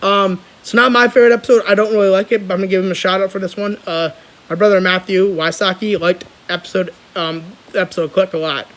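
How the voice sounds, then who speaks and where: High-voiced young man rambling excitedly. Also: quick pace, low-quality recording. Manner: rambling, excitable, frequent restarts. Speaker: vlogger. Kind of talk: casual chat.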